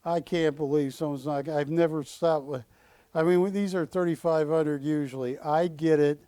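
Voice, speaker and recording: In a TV studio, a man hosts a live shopping-channel auction, joking and pleading with viewers as he calls bids with rising cries of "going once, going twice." His voice is on the high side yet dark and smooth, steady in tone at normal speed, with no room sound.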